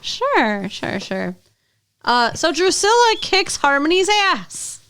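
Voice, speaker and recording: A woman co-hosting a podcast in casual chat, wry and quick to laugh. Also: extremely high pitch, very animated, a bit bright. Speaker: podcast co-host.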